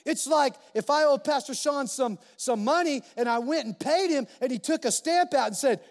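A male pastor preaching a sermon in a church, animated and emphatic, repeating key phrases for weight. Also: very high voice, normal speed. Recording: long reverb of a large hall.

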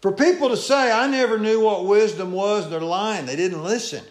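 A male pastor preaching a folksy sermon, swinging between loud calls and low asides. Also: moderate pace. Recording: echoey church room.

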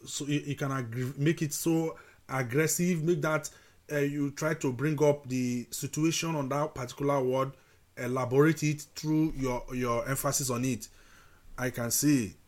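A man's voice: medium pitch, fairly even intonation, measured pace. Man hosting a radio chat. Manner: asks questions, slips into pidgin. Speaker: radio host.

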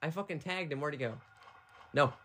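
A woman playing a horror video game in casual chat, panicky and cursing a lot, with loud outbursts. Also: sits low, brisk. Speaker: game player. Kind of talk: casual let's-play chat.

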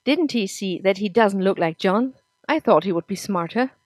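A woman's voice: medium pitch, animated, normal speed, darkish tone, dry recording, natural voice. A woman reading the lines of a spiteful, cruel woman who taunts and sneers, in a dry close recording. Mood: sneering.

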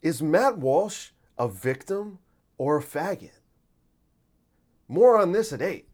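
A fake-serious male TV anchor teases stories with a dramatic newsreader cadence, as a man parodies him. The voice sits a little higher than normal speech. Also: expressive, slow, a little mellow. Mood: mock-serious.

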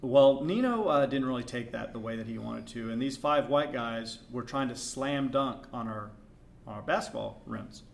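A middle-aged man co-hosting a podcast, telling a story in a casual, animated way that swings between hushed asides and loud outbursts. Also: medium pitch, moderate pace, gravelly. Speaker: podcast co-host.

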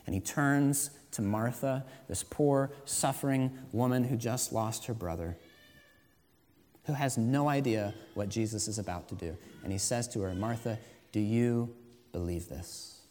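A man preaching a sermon as pastor, moving between quiet, slow emphasis and loud, rising exhortation. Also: medium pitch. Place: church sanctuary. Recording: long reverb of a church hall.

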